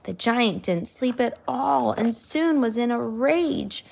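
A woman reading a picture book aloud to a child, slow and soft, with whispered asides. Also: a little high, expressive, vocal fry.

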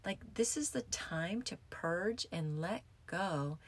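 A woman's voice: fairly low pitch, lively intonation, slow pace, breathy edge. A woman yoga teacher talking in a casual, rambling way, with frequent restarts and fillers. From United States. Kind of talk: casual reflective talk.

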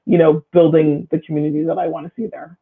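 A woman who works as a local official and school staff member talks through community issues as a guest in a casual conversation, thoughtful and searching, with lots of fillers and restarts. Her voice sits low and level, she talks fast with a breathy edge, and the audio has phone-line quality.

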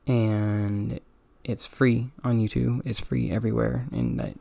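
A fatigued young man reviews things on his own podcast, rambling casually, yawning, and dropping ums and self-critical asides. His mid-range voice is level, unhurried, gravelly, and dark, with no room sound.

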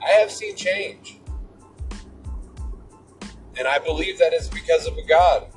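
A man's voice: fairly high pitch, a little slow, pauses often, recorded from a distance, music in the background, low-quality recording. A middle-aged man hosting a podcast, telling a personal story and reflecting on faith in an earnest, emphatic way. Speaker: podcast host.

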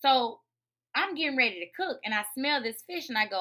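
Woman podcast host, casual profane rant, high voice with big swoops of pitch. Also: fairly quick. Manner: profane, emphatic, animated. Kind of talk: casual ranting monologue.

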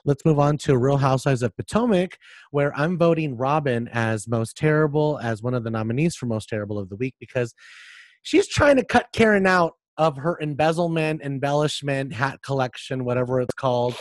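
Animated profane podcast host, man. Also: mid-range voice, brisk, dry recording, clean studio sound. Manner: animated, profane storytelling with joking asides. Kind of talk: casual pop culture chat.

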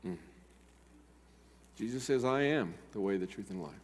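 Older pastor preaching in reverberant hall. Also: male voice, lowish voice, animated, normal speed, slightly rough. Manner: dynamic preaching, swinging between loud urgent appeals and quiet emphasis. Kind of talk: sermon. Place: church sanctuary.

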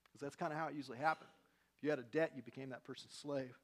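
A male pastor preaching a sermon, swinging from loud, emphatic lines to quiet, personal confiding. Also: on the high side, fast talker.

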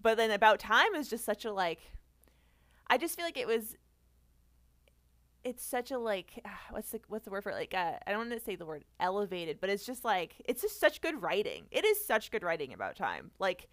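A woman's voice: medium pitch, very animated, moderate pace, fairly bright tone, no echo, studio quality. A woman guesting on a film podcast, chatting casually and often searching for the right word. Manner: chatty, searching for words, many "like" fillers.

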